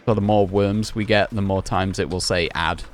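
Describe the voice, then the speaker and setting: A man's voice: low voice, fairly even intonation, normal speed, slight background noise. A man streaming a game, rambling casually and questioning himself as he plays. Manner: rambling, self-questioning, chatty. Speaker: gaming streamer. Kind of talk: casual gameplay commentary.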